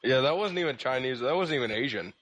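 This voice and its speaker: A man on a podcast panel, sarcastic and deadpan. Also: medium pitch, fast talker. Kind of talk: casual chat.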